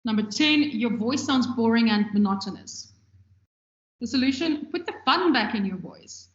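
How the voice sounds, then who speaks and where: A woman with a somewhat high voice delivers a relaxed, conversational lecture on radio production. The sound is roomy and echoey. The recording is dull and lo-fi. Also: moderate pace. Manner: conversational, gestures freely with her hands.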